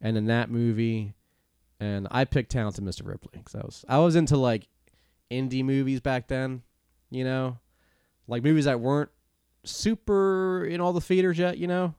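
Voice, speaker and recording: A man's voice: mid-range voice, normal speed, clean tone, dry recording, studio quality. Profane ranting man on a podcast. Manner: profane, animated ranting with laughs. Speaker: podcast co-host. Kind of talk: casual podcast banter.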